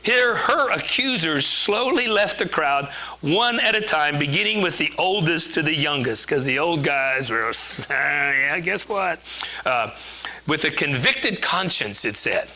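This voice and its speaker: A man's voice: on the high side, lively intonation, a little slow, bright, forceful tone. A man giving a conversational sermon, chatty and joking, laughing at himself as he preaches.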